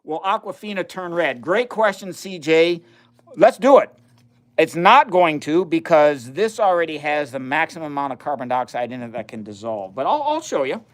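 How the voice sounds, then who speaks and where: An American man hosts a casual chemistry livestream, chatting with viewers while he runs experiments and laughing often. His voice is fairly high, with big swings in pitch, and he talks at a moderate pace.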